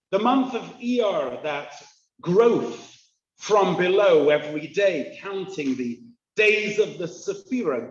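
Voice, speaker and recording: A man speaking as a rabbi at a communal gathering, giving a humorous, inspirational address and joking with the audience. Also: sits high. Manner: jovial storyteller, joking with the audience. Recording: roomy, dull lo-fi hall recording.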